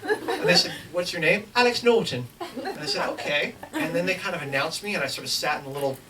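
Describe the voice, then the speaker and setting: A man's voice: on the high side, sing-song, fast talker, crowd noise. A middle-aged man giving a lecture, telling a comic anecdote to a live audience and acting out the lines of the other people in it. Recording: distant mic with clear background noise.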